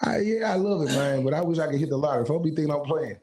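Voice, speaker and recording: A singer sits in as a podcast guest and spins a story in relaxed street slang. He is a man with a voice pitched a touch high, and he animates his tale by acting out each voice he quotes. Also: racing, a crowd in the background, low-quality recording. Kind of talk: casual storytelling.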